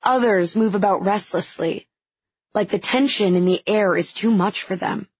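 A woman narrating a story in the first person, with a measured, expressive reading. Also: mid-range voice, husky, no echo, dull audio. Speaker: audiobook narrator.

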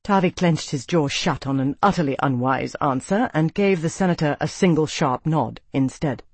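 A man narrating a fantasy audiobook in a steady storytelling manner. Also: on the high side, normal speed, no echo. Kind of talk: scripted narration.

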